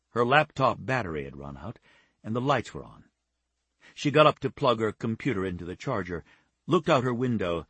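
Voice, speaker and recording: A man reading a novel aloud as an audiobook narrator, calm and even. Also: fairly low pitch, slightly rough, no echo. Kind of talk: scripted narration.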